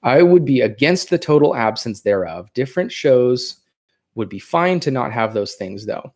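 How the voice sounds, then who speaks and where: A man's voice: medium pitch, very animated, normal speed. A man with a Californian accent hosting a casual livestream, thinking aloud and rambling with fillers. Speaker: livestream host.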